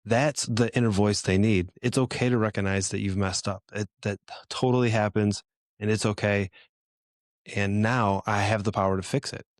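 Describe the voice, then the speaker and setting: Earnest low-voiced man, dry close sound. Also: steady tone, moderate pace, no echo. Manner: earnest, encouraging, direct. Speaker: podcast host. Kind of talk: motivational talk to fathers.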